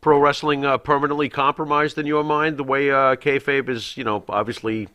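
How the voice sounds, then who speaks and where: Male host asking relaxed questions. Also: medium pitch, fairly quick, no room sound. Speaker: show host, interviewer. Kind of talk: casual interview questions.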